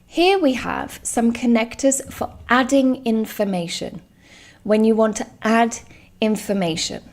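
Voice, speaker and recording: Slow, emphatic woman teaching English. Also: fairly high pitch, darkish tone. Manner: slow, clear and emphatic, stresses example words. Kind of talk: live online English lesson.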